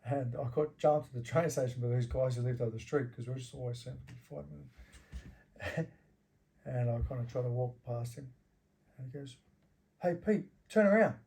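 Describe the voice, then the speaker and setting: Casting: middle-aged Australian man, dark mellow voice, swears freely, laughs through his stories. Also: mid-range voice, steady tone, normal speed. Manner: rough, profane, laughs while telling stories. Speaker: interview guest. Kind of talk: casual storytelling with heavy swearing.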